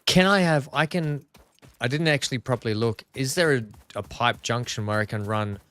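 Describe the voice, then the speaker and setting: A mid-range, fairly bright voice at a moderate pace belongs to an Australian man running a multiplayer game stream. He keeps the chat with teammates casual, asking plenty of questions and laughing easily.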